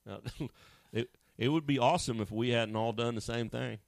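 A man preaching a sermon in a conversational, joking way, acting out people's voices with sudden high jumps. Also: moderate pace, creaky, dry recording. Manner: conversational and joking, with asides to a co-host. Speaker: pastor.

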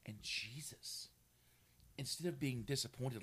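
Male preacher, animated storyteller, lots of pitch movement. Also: normal speed, a little hiss or hum. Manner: animated storytelling, laughing, acting out quotes. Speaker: pastor. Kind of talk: sermon.

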